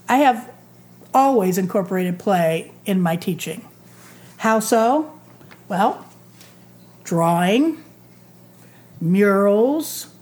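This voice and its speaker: Slow, thoughtful retired teacher in her sixties. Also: medium pitch, darkish tone. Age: 60s. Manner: slow, thoughtful, drawn-out phrasing. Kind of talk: reflective talk.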